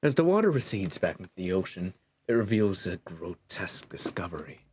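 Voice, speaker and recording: A man's voice: sits low, big pitch swings, fairly quick, slight background noise, voice pushed down. A man voicing a sly, all-knowing male game narrator, reading the story aloud in a teasing, ominous tone.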